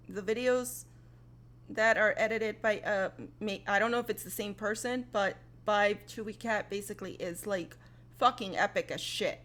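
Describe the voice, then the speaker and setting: A woman hosting a casual reaction video, excitable and rambling, swearing freely with lots of fillers. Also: medium pitch.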